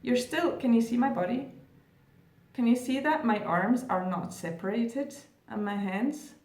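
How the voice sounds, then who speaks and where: A woman talking to camera as a spiritual vlogger, gentle, earnest and reassuring. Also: on the high side, a little slow. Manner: gentle, earnest and reassuring, with soft laughs and fillers. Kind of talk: casual talk to camera. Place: indoor room, Australia. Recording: echoey room, distant mic.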